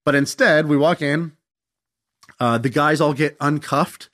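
A young man telling a casual anecdote in an animated, self-mocking way, swearing freely as he goes. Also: a little high, measured pace. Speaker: storyteller.

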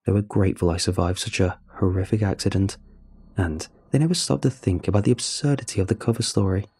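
A young man narrating a first-person horror story in a somber, measured, confessional way. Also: low-pitched, dark tone, husky. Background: faint music.

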